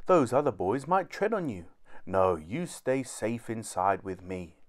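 A man's voice: lively intonation, a little slow. A man voicing an overprotective, fussing mother in a storybook reading, in a raised, fluttery voice. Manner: high, fluttery and anxious.

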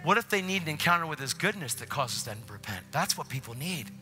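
A male preacher with a bright, ringing voice tells a story from the pulpit. He swings his voice widely up and down, and it sits a little higher than usual. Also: fast talker, faint music behind. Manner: animated, acts out voices. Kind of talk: storytelling sermon. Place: church.

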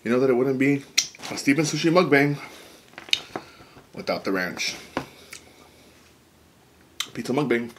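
A man hosting a mukbang, chatting excitedly to viewers while eating. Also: mid-range voice, moderate pace, long pauses, a little hiss or hum. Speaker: mukbang host. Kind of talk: casual eating vlog.

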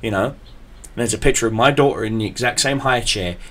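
A man hosting a podcast, telling a story in a profane, animated way. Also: medium pitch, brisk. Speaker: podcast host. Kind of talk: casual podcast chat.

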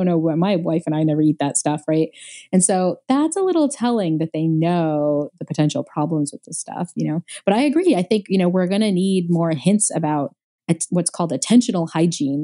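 A woman's voice: lowish voice, mellow. A woman cognitive scientist, a guest on an interview podcast, explaining research in an eager, conversational way. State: recovering from a knee injury.

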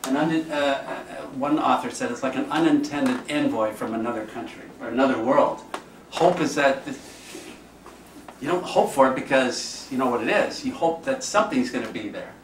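A man's voice: mid-range voice, normal speed. A man, a priest, giving an informal, conversational teaching talk and acting out the voices of people he quotes. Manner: conversational, acts out quoted speech. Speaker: priest leading a class. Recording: echoey room, distant mic, faint noise.

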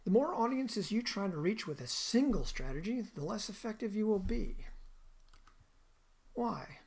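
A woman's voice: fairly low pitch, creaky, a little mellow, slightly rough. A woman giving a recorded lecture in a conversational way, often asking the listener questions.

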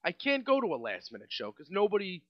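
A man's voice: sits high, wildly swooping pitch, fast, no echo, lo-fi sound. A young man with a New York accent, hosting a casual solo podcast and ranting in a rambling, exasperated way with many restarts. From Staten Island, New York. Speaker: podcast host.

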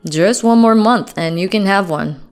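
A woman's voice: medium pitch, moderate pace, smooth, lightly acted. A woman narrator voicing a callous husband who mocks his pregnant wife and then stammers apologies, with faint music behind. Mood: mocking. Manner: dismissive, then nervous stammering.

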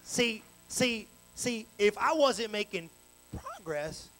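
A male pastor preaching a live evening sermon in church on a handheld mic, animated and colloquial with call-and-response. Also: high-pitched, slow pace, slight background noise, poor audio. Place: church sanctuary, live service. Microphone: handheld microphone.

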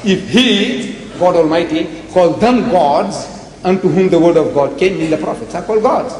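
Older male lecturer from South Africa, animated and given to acting out quotes, pitched a little high, recorded in a big echoing hall. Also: moderate pace. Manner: animated, quoting and acting out dialogue. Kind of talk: religious debate lecture. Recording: echoey hall with faint noise.

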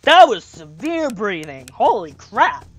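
A woman's voice: fairly high pitch, very animated, slow pace, husky. A woman commentating a horror game she is playing, jumpy, screaming and swearing when startled. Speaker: let's play gamer.

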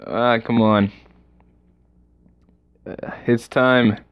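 A man narrating his own gameplay with mock-dramatic, exasperated groans. His voice sits at an ordinary middle pitch. The recording is lo-fi and slightly muffled. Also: steady tone, drawn-out words, clear, resonant tone. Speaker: gamer. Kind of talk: let's-play commentary.

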